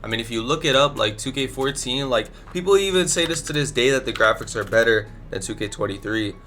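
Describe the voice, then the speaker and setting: A man's voice: medium pitch, lively intonation, brisk, a bit bright, faint music behind. A young man with a stuffy nose from allergies, casually rambling his blunt opinions as a gaming YouTuber into a desk microphone. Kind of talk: casual commentary ranking video games.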